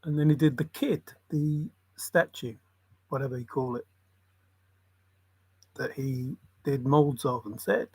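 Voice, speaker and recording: A man's voice: mid-range voice, fairly even intonation, unhurried, long pauses, darkish tone, slightly rough, dry recording. A man hosting a livestream, muttering loose word associations and breaking into bits of song. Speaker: livestream host.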